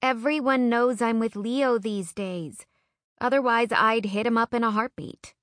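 A woman reading an audiobook and voicing an outspoken, protective young hairdresser friend, a bit higher and louder than her narration. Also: measured pace, no echo, studio quality. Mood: teasing. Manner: brash, excitable, protective.

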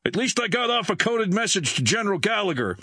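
A man's voice: high-pitched, sing-song, fast, sharp tone, husky, no echo, clean studio sound, pitched above the performer's own voice, heavily acted. A man voicing a grim, seasoned male military helicopter pilot with a clipped, commanding delivery.

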